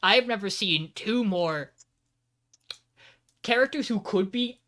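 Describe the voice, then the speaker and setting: A man's voice: high-pitched, slow pace. A man co-hosting a podcast, recapping an anime episode in casual chat and acting out the characters' lines as he goes. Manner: animated, acts out character lines while recapping. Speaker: podcast co-host.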